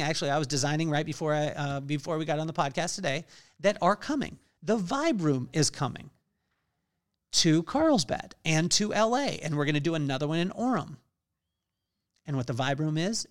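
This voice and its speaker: A man hosting his own podcast, telling an everyday story in an energetic, conversational way and acting out the dialogue. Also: high voice. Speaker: podcast host. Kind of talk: solo podcast monologue.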